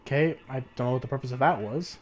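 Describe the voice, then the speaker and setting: A man's voice: mid-range voice, quick pace, slight background noise. A man giving casual gameplay commentary, offhand and wry, swearing now and then. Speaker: gaming video host.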